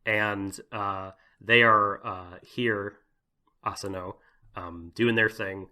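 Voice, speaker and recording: Bright-voiced man in rambling podcast chat. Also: fairly low pitch, steady tone, slow. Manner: rambling, full of "like" and "you know", laughs often. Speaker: podcast co-host. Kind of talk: casual podcast discussion.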